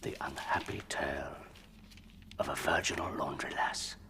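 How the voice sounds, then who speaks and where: An actor playing a lecherous male writer who flirts in a hushed, seductive whisper. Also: very deep voice, fairly even intonation, normal speed.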